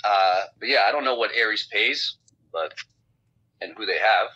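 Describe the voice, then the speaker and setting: A man's voice: on the low side, lively intonation, moderate pace, sharp tone, husky. A man being interviewed as a guest fighter over a phone call, talking bluntly in a rambling way with lots of swearing. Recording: dull lo-fi phone line.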